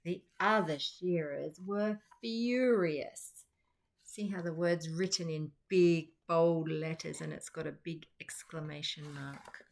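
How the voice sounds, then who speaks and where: A middle-aged Australian woman and teacher reading a picture book aloud to children, with chatty, lively asides. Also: sits low, slow pace, gravelly. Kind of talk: children's storytime read-aloud.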